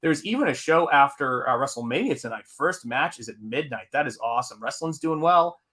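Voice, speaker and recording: A man's voice: medium pitch, lively intonation, brisk, bright, forceful tone. A man hosting his own live stream as a comic artist. He chats casually and rambles, reading viewers' comments aloud with lots of fillers.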